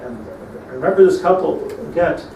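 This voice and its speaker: Speaking a little fast in a fairly high, gravelly voice, a middle-aged rabbi tells stories in a sermon on Lamentations, weaving Hebrew words into English and climbing to emphatic peaks. The mic sits far from him in an echoing room, with faint ambient hum behind.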